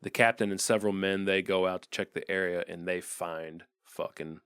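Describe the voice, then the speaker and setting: Very low-voiced, laid-back podcast man. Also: fairly even intonation, moderate pace, fairly bright tone, clean tone, no room sound. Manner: laid-back, laughs often, chimes in. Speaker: podcast co-host. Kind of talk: casual movie recap chat.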